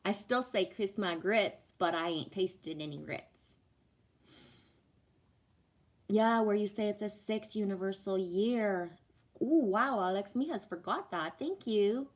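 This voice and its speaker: A woman's voice: mid-range voice, lively intonation, a little slow. A woman reading cards on a live stream, chatting casually, swearing freely and answering viewer comments. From Canada. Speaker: livestream card reader.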